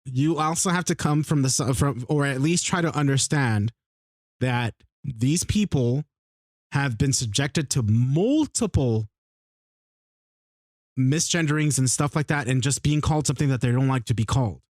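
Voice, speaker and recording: A man's voice: mid-range voice, normal speed, darkish tone, no echo. A man co-hosting a podcast, arguing heatedly in a casual debate, swearing often and talking over the other speaker. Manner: argumentative, swears a lot, talks over others. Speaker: podcast co-host.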